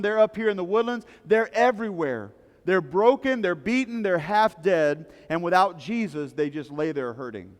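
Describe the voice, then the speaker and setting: High-voiced pastor preaching in a reverberant hall. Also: male voice, clean tone. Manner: emphatic, repetitive preaching with lively storytelling. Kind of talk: sermon. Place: church service in a large rented hall.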